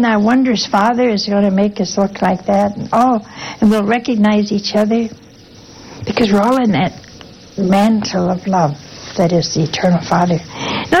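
A woman's voice: mid-range voice, darkish tone, slight background noise, poor audio. An older religious sister giving an informal sermon in a folksy way, full of rhetorical questions and asides to her listeners. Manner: folksy, asks rhetorical questions with a teasing "huh?".

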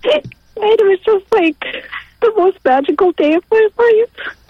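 A woman in her forties calling in to a radio show, tearful and halting, her voice breaking as she talks. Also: extremely high pitch, lively intonation, dry recording. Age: 40s. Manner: halting, stops to apologize. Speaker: caller. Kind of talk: emotional call-in testimony. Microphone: phone line. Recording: dull dry phone line.

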